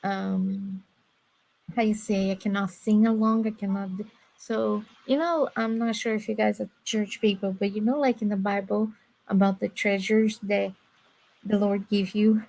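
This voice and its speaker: A woman's voice: mid-range voice, a little slow, creaky, low-quality recording. Nasal woman. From Brazil. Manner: chatty, storytelling, animated asides. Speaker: guest on a live stream. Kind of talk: casual chat.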